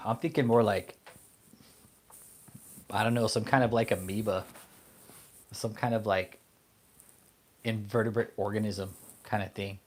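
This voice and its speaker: A man's voice: on the low side, fairly even intonation, unhurried, pauses often. A man hosting an online commentary show, ranting angrily and profanely at a preacher, mocking him with insults. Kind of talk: casual profane rant.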